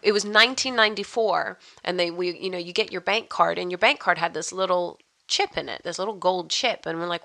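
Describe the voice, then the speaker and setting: A woman's voice: lowish voice, fairly quick, gravelly, hardly any pauses, pushed and bright, no echo, studio quality. A woman with an American accent, a guest in a casual podcast chat who tells stories and acts out the voices in them. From England. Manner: jokey storyteller, acts out quoted voices.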